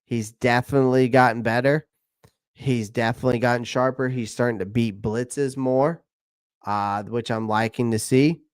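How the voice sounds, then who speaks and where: A chatty man answers viewer comments on a casual live stream. He keeps circling back and repeating his points. His voice is smooth and clear in a dry, close room. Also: mid-range voice, steady tone, moderate pace, no room sound. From South Carolina. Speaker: channel host answering live chat.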